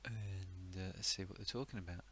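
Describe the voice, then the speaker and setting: A man's voice: low-pitched, fairly even intonation, moderate pace, husky, no echo. A man streaming retro computer games, chatting casually with sardonic, muttered asides. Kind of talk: casual live-stream commentary.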